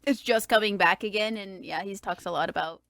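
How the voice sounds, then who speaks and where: A young woman rambles through a casual podcast chat, piling up fillers and restarts. She puts on animated little voices whenever she quotes someone. Her voice sits mid-pitched and is recorded close and dry. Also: fairly quick, creaky, dry recording. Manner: animated when quoting people. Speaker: podcast co-host.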